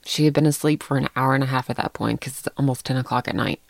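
A middle-aged woman telling a story in casual chat, animated and laughing often. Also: extremely low pitch, fast, creaky, no room sound.

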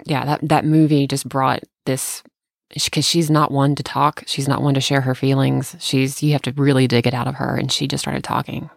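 A woman speaks in casual conversation with a gravelly, fry-edged voice, recorded close and dry. She sounds tender and emotional, halting and restarting as she talks. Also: rumbling low, little pitch movement, no room sound. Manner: tender, close to tears at times.

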